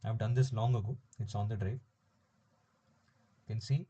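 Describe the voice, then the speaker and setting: A man teaching a French grammar lesson in a relaxed, informal way, explaining step by step with frequent fillers. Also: fairly low pitch, moderate pace, dull audio, a little hiss or hum. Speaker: French tutor. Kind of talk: informal recorded language lesson.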